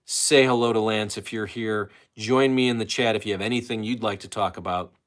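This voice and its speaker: Male livestream host, lowish voice, loose self-interrupting casual chat. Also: fairly even intonation, a little fast. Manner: loose, self-interrupting, chatty with many fillers.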